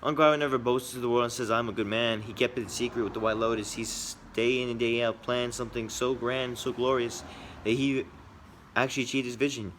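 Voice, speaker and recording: A man giving earnest personal commentary, swinging between quick bursts and quiet, reflective asides. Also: mid-range voice, fairly even intonation, a little hiss or hum. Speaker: video essayist.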